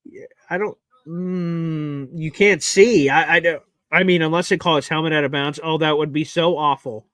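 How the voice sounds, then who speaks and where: A man hosting a live sports watch party, giving emotional play-by-play that swings from nervous muttering to loud cheering. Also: on the high side, fairly even intonation, normal speed, dry recording.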